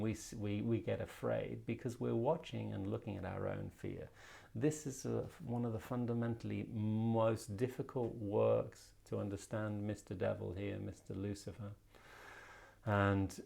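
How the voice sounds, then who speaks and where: Gravelly man explaining a tarot card. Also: fairly low pitch, a little mellow. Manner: reflective, rambling, frequent restarts. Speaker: tarot reader and spiritual healer.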